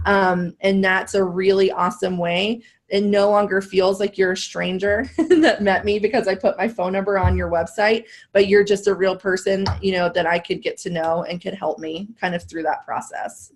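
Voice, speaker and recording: A woman's voice: medium pitch, fairly even intonation, moderate pace. A woman sales trainer coaching a live role-play webinar, upbeat and laughing often as she acts out both sides of a call.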